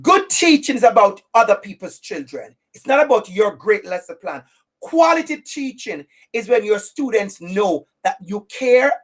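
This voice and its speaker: A woman with an accent giving an impassioned webinar talk as an anti-racism educator, speaking directly and repeating phrases for stress. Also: medium pitch. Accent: non-native English accent.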